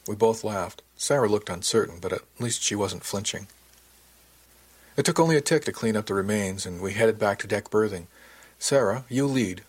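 Brief: male audiobook narrator, low husky voice, calm and measured. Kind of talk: first-person audiobook narration.

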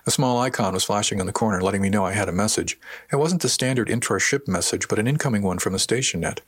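Low husky male audiobook narrator. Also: no echo. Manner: calm, measured storytelling. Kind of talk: first-person fiction narration.

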